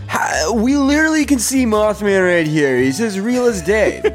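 High-pitched laid-back player. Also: male voice, expressive, moderate pace, few pauses, faint music behind. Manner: laid-back, says dude a lot. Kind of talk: playing a tabletop game.

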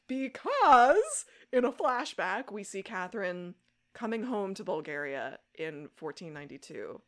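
A young adult woman co-hosting a podcast, recapping a show episode in casual chat, animated and laughing as she acts out quoted lines. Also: mid-range voice, measured pace. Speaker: podcast co-host.

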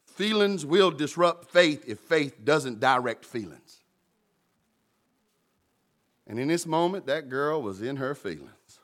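A man preaching a sermon, animated and humorous, with sudden jumps in pitch. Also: slow pace, pauses often. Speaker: pastor.

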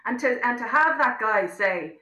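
An Irish woman speaks as an interview guest, passionate and blunt, tumbling over her own restarts. Her voice is bright and forceful. The room around her rings with a noticeable echo. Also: fairly high pitch, animated, moderate pace. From Ireland. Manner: impassioned and outspoken, many restarts. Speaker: interview guest, actor-director. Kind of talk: casual interview chat.

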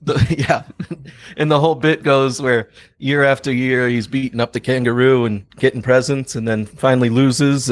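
A man's voice: medium pitch, dry recording. A man co-hosting a comedy podcast, telling a joke story and laughing through it. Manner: laughs through his own bits. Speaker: podcast co-host. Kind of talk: casual comedy chat.

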